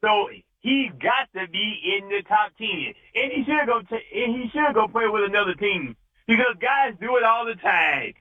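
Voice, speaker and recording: A man's voice: sits high, animated, normal speed, few pauses. A man calling into a sports radio show, making his case emphatically, heard over a muffled phone line. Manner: emphatic, preachy. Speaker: caller. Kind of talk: call-in opinion.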